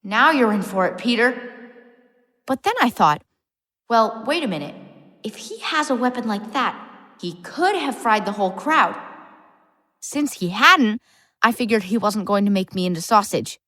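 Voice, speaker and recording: A woman's voice: on the high side, a bit bright, dry recording, clean studio sound. A woman narrating a full-cast audiobook as a lonely, bookish boy, earnest with wry asides. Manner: earnest first-person storytelling, wry asides.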